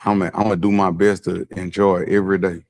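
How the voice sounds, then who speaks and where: A man guest on an interview show speaks easily and without hurry, his voice sitting low. He sounds relaxed and matter-of-fact. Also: fairly quick. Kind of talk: casual interview talk.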